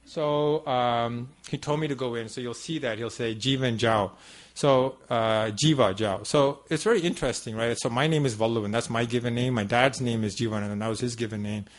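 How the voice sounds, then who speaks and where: A man's voice: mid-range voice, fairly even intonation, a little fast, hardly any pauses. A man giving a talk to an audience at a devotional center, telling a personal story in a conversational, meandering way with many asides. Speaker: guest speaker at a devotional center.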